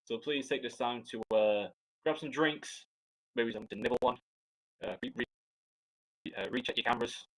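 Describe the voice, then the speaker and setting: A Scottish man talks his way through live air show commentary. He is chatty and loose, cracking jokes and restarting sentences as he goes, in a voice of ordinary middle pitch. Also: normal speed, long pauses, rough recording. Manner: chatty, joking, rambling with restarts.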